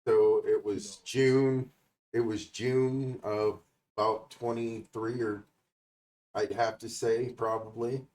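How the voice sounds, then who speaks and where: A man guesting on a podcast who answers questions in a hesitant way with many pauses. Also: fairly low pitch, level tone, darkish tone. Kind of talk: casual interview answers. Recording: distant, echoey mic.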